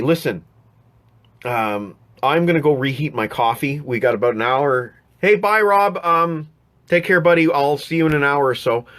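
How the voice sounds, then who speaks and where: Casual male streamer at home, mid-pitched, loose rambling delivery while reading out viewer comments. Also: fairly bright tone. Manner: rambling, frequent restarts and fillers. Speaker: live stream host.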